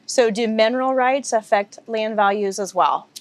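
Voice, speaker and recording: A woman's voice: on the high side, normal speed, dry recording. Upbeat woman interviewer. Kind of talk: interview questions.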